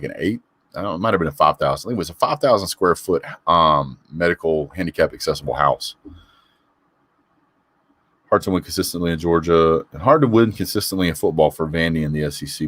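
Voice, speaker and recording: Man, sports host, very low voice, opinionated, dry close mic. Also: fairly bright tone, dry recording. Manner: chatty, opinionated, greets commenters by name. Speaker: sports talk host reading live chat. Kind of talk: casual live call-in chat.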